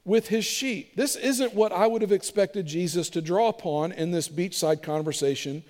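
A man preaching a sermon as pastor, moving between emphatic delivery and hushed, intimate appeals to the congregation. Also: sits high, moderate pace. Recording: long hall reverb.

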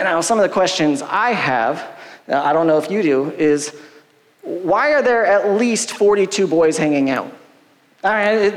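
A man preaching a casual sermon, retelling the story conversationally with quick quoted asides. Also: sits high. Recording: long hall reverb.

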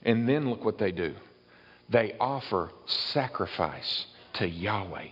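A man's voice: on the low side, expressive, slow pace, a bit bright, slightly rough, long reverb tail, lo-fi sound. A man preaching a sermon, explaining and reading Bible verses aloud to his congregation. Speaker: pastor.

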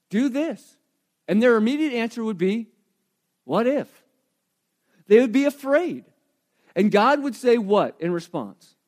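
High-voiced man preaching a sermon. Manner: animated, questioning the congregation directly. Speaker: pastor.

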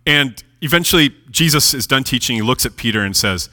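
A male preacher retells a story in a chatty, casual way. His voice swings widely in pitch and has a bright, forceful tone, and he chuckles at his own jokes. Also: expressive, fairly quick, hardly any pauses.

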